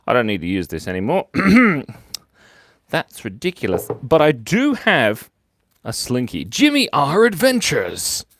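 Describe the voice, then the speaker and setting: A man's voice: mid-range voice, no room sound, studio quality. A man hosting a live drawing stream, chatting casually with viewers in a playful, goofy way, breaking into silly voices and noises.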